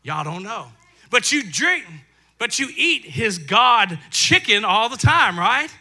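A middle-aged male pastor preaching a lively, jokey sermon that swells into loud bursts. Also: very high-pitched, slow pace.

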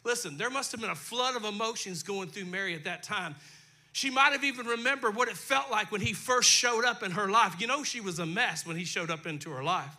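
A man's voice: high-pitched, a little fast, pushed and bright. A male pastor preaching a sermon in a folksy, conversational way, talking directly to his congregation, his throat dry. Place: church sanctuary.

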